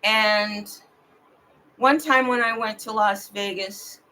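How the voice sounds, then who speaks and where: A woman talks at home in a slow, drawn-out livestream monologue that drifts from one thought to the next. Her voice is bright and forward, and the pitch sits in a middle range. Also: fairly even intonation, low-quality recording. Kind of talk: rambling personal livestream monologue.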